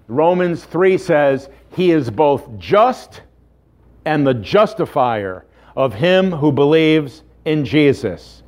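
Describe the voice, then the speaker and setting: A man delivers a sermon in an unhurried, measured way. His voice sits somewhat high for a man, and he leans on emphatic rhetorical questions. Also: darkish tone. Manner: earnest preaching with rhetorical questions. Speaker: pastor.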